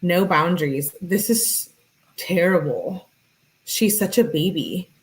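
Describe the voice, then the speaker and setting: A woman's voice: on the low side, slow, rough recording. Casual woman reading texts aloud. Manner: casual, exasperated asides to viewers. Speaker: true-crime YouTuber. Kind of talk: reading text messages aloud with casual commentary.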